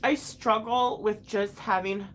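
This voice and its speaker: A woman's voice: medium pitch, fairly even intonation, takes it slowly, a little hiss or hum. A young woman and mother venting frankly to her live chat, emotional and swearing often as she restarts her sentences. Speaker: vlogger and mother.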